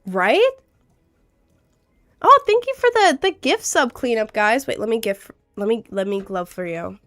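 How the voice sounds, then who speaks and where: A woman's voice: a little high, big pitch swings, unhurried, a bit bright, faint music behind. A young woman streaming live with a cold, chatting in a rambling, giggly way and reading out chat. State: has a cold.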